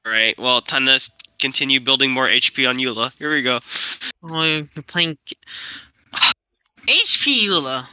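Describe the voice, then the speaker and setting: Man, casual gamer chat, sharp bright voice, excitable and slangy. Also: medium pitch, normal speed, clean tone, no echo. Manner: excitable, loose slangy exclamations. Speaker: gamer chatting with friends.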